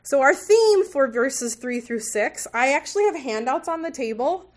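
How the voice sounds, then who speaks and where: A woman with a high, animated voice at a normal pace teaches a women's Bible study group in a meeting room with tables. She is conversational and lightly humorous, sometimes correcting herself mid-sentence.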